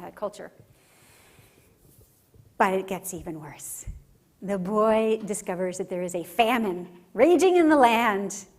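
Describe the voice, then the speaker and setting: A woman speaker giving an emphatic religious teaching talk at a conference, often checking in with the audience. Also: mid-range voice. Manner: emphatic, often tags lines with "right?". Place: conference center.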